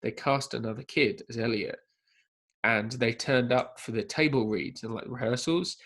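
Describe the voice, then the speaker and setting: A man co-hosting a casual film podcast, telling an anecdote in a lively way and acting out the quotes. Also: medium pitch, normal speed. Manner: lively storyteller who acts out quotes. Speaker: podcast co-host. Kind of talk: casual podcast chat about films.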